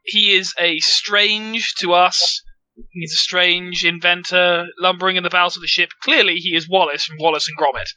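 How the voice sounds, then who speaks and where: A man trading blunt wisecracks at a tabletop game. His voice is high and very sharp and bright. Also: fairly even intonation, moderate pace, no room sound, rough recording. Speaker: player. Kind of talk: casual chat at a game table.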